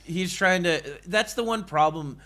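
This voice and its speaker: A man's voice: high-pitched, unhurried, sharp tone. Rambling man on a podcast. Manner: rambling, many restarts and fillers. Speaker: podcast co-host. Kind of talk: casual chat.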